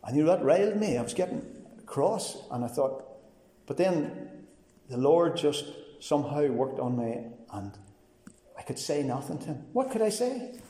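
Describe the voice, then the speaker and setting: Man, personal testimony sermon, earnest storyteller, mellow voice, fairly high pitch, long hall reverb. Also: sing-song, moderate pace, pauses often. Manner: earnest storytelling, quoting others in dialogue. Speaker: preacher giving his testimony.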